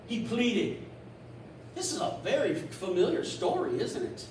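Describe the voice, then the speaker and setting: A man preaching a sermon as pastor, animated, acting out a scripture story in quick little voices. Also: high-pitched, slight background noise. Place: church. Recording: echoey church room from a distance.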